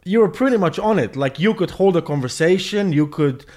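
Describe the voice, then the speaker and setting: A man's voice: sits high, animated, brisk, crowd noise. A man co-hosting a casual chat podcast. He talks in an easygoing way, restarting his sentences and laughing along. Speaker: co-host.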